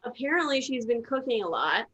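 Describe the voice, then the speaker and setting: A woman's voice: on the high side, brisk, dull audio. Gushing woman host on a video call. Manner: warm, gushing, excitable. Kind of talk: casual chat on a video call.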